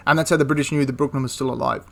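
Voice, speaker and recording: A man's voice: medium pitch, steady tone, very fast, creaky, a bit bright. A young man casually retelling a wartime history story, chatty and prone to correcting himself mid-sentence. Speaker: history channel host.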